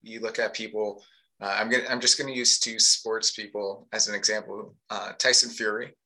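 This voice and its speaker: A podcast co-host with a lowish, flat voice and a sharp tone talks at normal speed in a rough recording. In a live, reflective casual discussion, he speaks earnestly and thoughtfully about masculinity, using many fillers.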